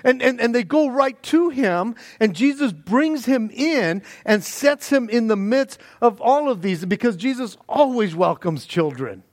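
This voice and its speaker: Notably high-voiced, this pastor preaches a lively, conversational sermon a little slowly and with few pauses. He chuckles and restarts as he goes, captured in a close, dry recording.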